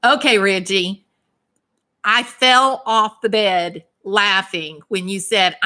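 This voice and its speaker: Speaking slowly with a bright, forceful tone at medium pitch, a woman from the American South runs a casual livestream on her YouTube channel. She reads the live chat and responds to commenters by name, emphatic and indignant, in a Southern American accent.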